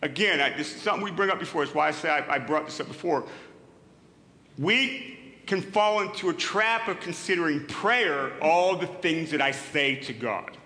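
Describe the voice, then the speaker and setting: A man's voice: fairly high pitch, lively intonation, moderate pace, pushed and bright. A middle-aged male pastor preaching a sermon in an earnest, emphatic way, often repeating words as he builds a point. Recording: echoey hall with long reverb.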